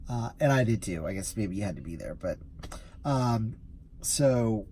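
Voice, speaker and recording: A man's voice: lowish voice, expressive, a little slow, warm tone, husky. A man who drives for rideshare, telling a story in a casual vlog, easily amused and rambling with restarts.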